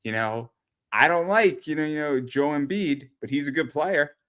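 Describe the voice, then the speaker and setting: A man's voice: on the high side, normal speed, a bit bright. A man hosting a casual talk show, rambling and swearing, often repeating his words. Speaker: podcast host. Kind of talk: casual chat.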